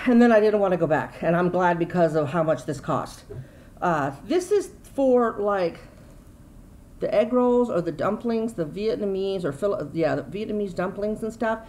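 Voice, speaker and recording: A woman's voice: mid-range voice, a little mellow, rough recording. A middle-aged woman, chatting casually and rambling through a grocery haul at home. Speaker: YouTube vlogger.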